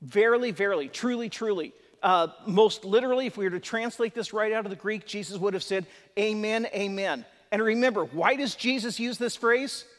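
Male preacher, fairly high voice, chatty but emphatic delivery, reverberant hall sound. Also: a little fast, few pauses, fairly bright tone. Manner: conversational and emphatic, with asides and chuckles. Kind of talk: live sermon teaching.

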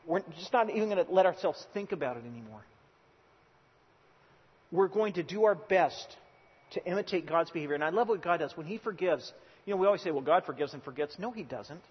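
A man's voice: high-pitched, lively intonation, a little fast, husky. A male pastor preaching a sermon in a church, earnest and emphatic, often restarting his words. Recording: dull lo-fi recording with long hall reverb.

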